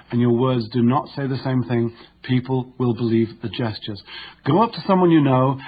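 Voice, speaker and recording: A man narrating a nonfiction audiobook in a measured, instructive way. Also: mid-range voice, muffled recording, a little hiss or hum.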